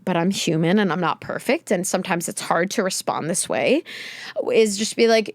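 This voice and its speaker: A woman's voice: mid-range voice, animated, moderate pace, no echo, studio quality. A young woman hosting a podcast, talking candidly and emotionally in a rambling, reflective way with many fillers. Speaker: podcast host. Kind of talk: candid solo talk.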